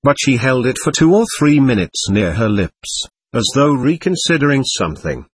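A man narrating a classic novel as an audiobook, measured and expressive. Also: mid-range voice, slightly rough. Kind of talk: scripted literary narration.

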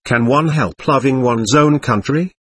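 A man reading as a proud, defiant tall gentleman. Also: medium pitch, unhurried, slightly rough, dry recording. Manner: resonant and defiant.

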